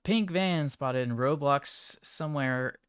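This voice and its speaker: A man livestreaming, reacting to chat images in an offhand, mumbling way with sudden excited outbursts. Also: medium pitch, slow pace, clean tone, no echo, clean studio sound. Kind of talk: casual live-stream commentary.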